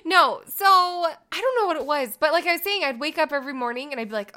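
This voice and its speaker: A woman in her thirties, a mother chatting casually with her husband, telling stories in an animated way and acting out quotes. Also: high-pitched, quick pace, hardly any pauses. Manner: animated storyteller who acts out quotes and laughs often. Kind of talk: casual chat.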